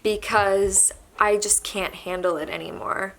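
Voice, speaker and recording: A young woman vlogging to camera, halting and soft-spoken as she admits she is pregnant and emotional. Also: medium pitch, fairly even intonation, gravelly. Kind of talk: candid emotional confession to camera.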